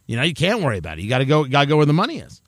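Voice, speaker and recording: A man delivering a rambling, animated opinion monologue, often interrupting himself. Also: fairly high pitch, racing, no room sound, clean studio sound. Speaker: commentator.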